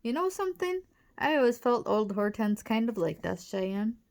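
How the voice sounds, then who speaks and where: A woman reading aloud, voicing an excitable young boy in a children's storybook. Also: a little high, normal speed. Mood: thoughtful. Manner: shouting, breathless.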